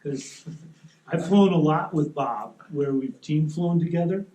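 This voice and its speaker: A man's voice: on the high side, a little slow, warm tone. Easygoing man presenting in an echoey room. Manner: easygoing, explains with rules of thumb. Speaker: seminar presenter. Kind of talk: relaxed technical talk. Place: meeting room at a soaring club.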